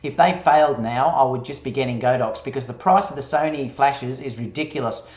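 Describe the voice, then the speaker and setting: A man talks in a relaxed, rambling way and restarts his sentences often. He is a guest on a casual live-stream chat. His voice comes over a video call with a roomy echo. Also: medium pitch, fairly quick. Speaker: guest photographer.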